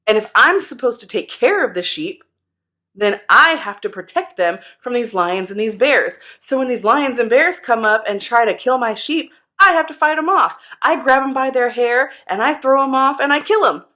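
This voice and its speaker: A cocky young shepherd boy, as a woman storyteller puts him on, talks in slang and swagger, all defiance. His voice sits well above her usual talk, high and bright with youthful nerve, like a kid sure he can take anyone. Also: animated, moderate pace. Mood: boastful.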